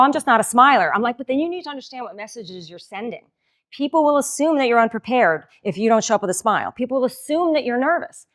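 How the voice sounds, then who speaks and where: A middle-aged woman giving a motivational keynote talk in a lively, conversational way, acting out the lines she quotes. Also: a little high. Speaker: keynote speaker.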